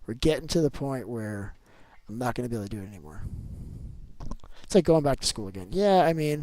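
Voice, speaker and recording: A man talking casually over a live gameplay stream at a middling pitch. He rambles between the game and his opinions and leans on loose, chatty fillers as he goes. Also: animated, a little fast, poor audio. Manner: rambling and opinionated, often going on rants.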